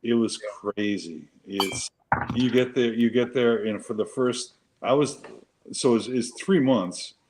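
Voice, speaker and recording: A man's voice: medium pitch, a little slow, a little mellow, a little hiss or hum, rough recording. A man, a Marine veteran co-hosting a casual chat show, telling stories in a profane, emphatic, rambling way.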